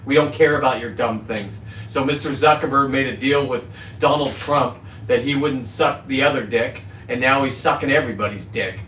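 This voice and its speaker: A middle-aged man talking casually on his livestream, rambling from topic to topic in a loud, profane, boisterous way. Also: medium pitch, normal speed, echoey room, a little hiss or hum. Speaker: livestreaming content creator.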